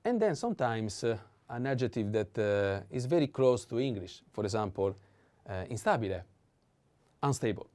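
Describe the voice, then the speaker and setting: A man's voice: medium pitch, sing-song, moderate pace, darkish tone. A man with an Italian accent teaching a language lesson, patiently repeating words with careful stress.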